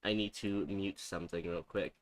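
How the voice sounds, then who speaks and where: A man's voice: low voice, steady tone, moderate pace. A man casually chatting and swearing while playing a game with friends on a stream. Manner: laughing, swearing, playful. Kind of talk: casual gaming chat. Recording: loud background noise.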